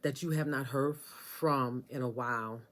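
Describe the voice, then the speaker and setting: Speaking at normal speed in a bass voice with a steady tone, a female tarot reader talks directly to the listener during a casual reading. Her manner is emphatic and sassy, with phrases repeated for emphasis.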